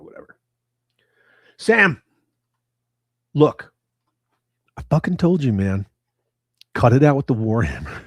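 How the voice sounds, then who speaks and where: A man's voice: mid-range voice, dry recording. A man hosting a casual livestream, reading chat comments aloud with crude, profane banter.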